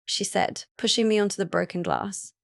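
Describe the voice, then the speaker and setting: A woman narrating a first-person romance audiobook in an even, unhurried reading voice. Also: medium pitch, vocal fry, no echo, clean studio sound.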